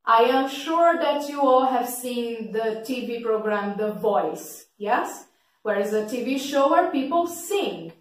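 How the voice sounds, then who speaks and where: Brief: fairly high-voiced woman teaching vocabulary, loud and patient, mic far off in a booming room. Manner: clear, patient explaining with frequent "okay?" checks; describes her teaching voice as kind of loud. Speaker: English teacher. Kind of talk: slow vocabulary lesson for learners. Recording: very echoey room, voice from a distance.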